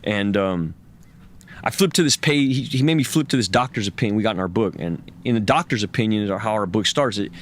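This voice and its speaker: A man's voice: lowish voice, a little fast, a little hiss or hum. A man in his thirties, a guest in an interview, telling a raw personal story with cursing and acted-out quotes. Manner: raw, profane, animated retelling with acted quotes.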